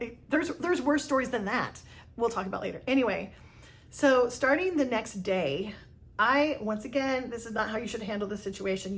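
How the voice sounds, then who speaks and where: Chatty self-deprecating woman storyteller. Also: mid-range voice. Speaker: storyteller host. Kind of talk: casual storytime narration.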